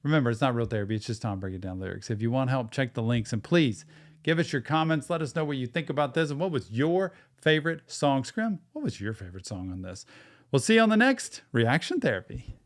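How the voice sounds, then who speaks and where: Man, reaction host, earnest, explanatory, middle pitch. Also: animated, fast talker. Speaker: host breaking down song lyrics. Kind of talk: live reaction commentary.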